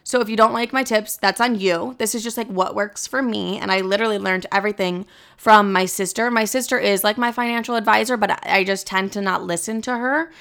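A woman's voice: mid-range voice, fairly even intonation, brisk, fairly bright tone, clean tone. A young woman from Chicago hosting a podcast, chatting casually and swearing a lot, with many "like" fillers. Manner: chatty, profane, lots of "like" fillers. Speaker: podcast host. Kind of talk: casual chat.

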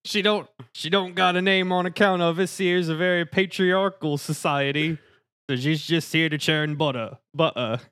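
A man voicing a greasy, cowardly male villager in a tabletop game, in a put-on rustic accent and a higher voice. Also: a little fast, fairly bright tone, natural voice. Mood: boastful.

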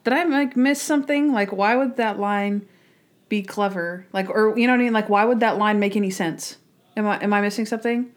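A young woman co-hosting a podcast, chatting casually with a giggly, animated storytelling manner. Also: medium pitch, a little fast. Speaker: podcast co-host. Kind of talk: casual chat, storytelling and episode review.

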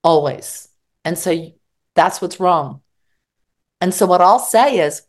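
A middle-aged woman, a psychologist and therapist appearing as a guest, offers frank, mildly profane relationship advice, often playing out both sides of an argument. Her lowish voice is animated, and she speaks slowly with long pauses.

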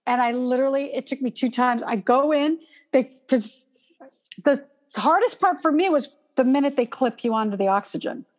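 A woman telling a personal story in casual conversation, animated and acting out gasps as she goes. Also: high voice, normal speed. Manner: animated, acts out gasps and panicked breathing.

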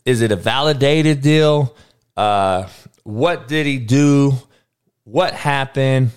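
A man's voice: mid-range voice, takes it slowly, smooth. Casual male sports streamer; clean resonant tone, talks loose and salty. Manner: profane, animated, laughing banter. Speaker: sports show host.

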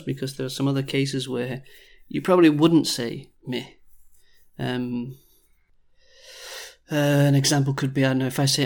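A man teaching as a language teacher, saying phrases slowly word by word and repeating them, then explaining them in a relaxed, casual way. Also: medium pitch, gravelly. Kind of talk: slow, repeated phrase drills in a language lesson.

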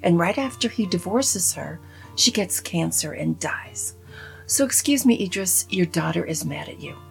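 A woman giving a casual spoken movie review in an animated, opinionated, rambling way full of asides. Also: lowish voice, normal speed, vocal fry, soft background music. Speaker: film reviewer.

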